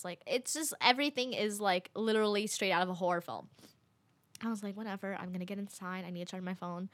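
A young woman casually telling a story, chatty and full of fillers, quoting people with lively voices. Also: lowish voice.

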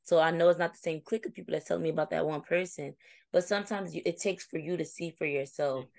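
A woman's voice: low voice, fast, vocal fry, no room sound. A young adult woman co-hosting a casual chat, telling a reflective story and acting out her friends' replies. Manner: reflective, storytelling, animated when quoting friends. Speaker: co-host.

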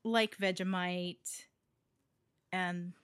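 A woman's voice: fairly low pitch, fairly even intonation, very slow, a bit bright, smooth, no room sound, clean studio sound. A woman from Hawaii co-hosting a podcast in a casual, giggly chat full of fillers. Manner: chatty, giggly, with many fillers. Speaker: podcast co-host.

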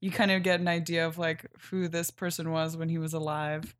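Lady laughing a lot on a podcast, lowish voice, chatty. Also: a little fast. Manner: giggly, lively reactions. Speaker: podcast co-host. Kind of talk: casual chat about a comic.

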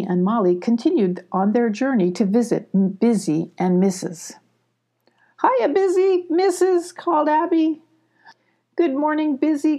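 An older woman reading a children's storybook aloud as a grandmotherly storyteller, gently. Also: medium pitch. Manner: gentle, doing character voices.

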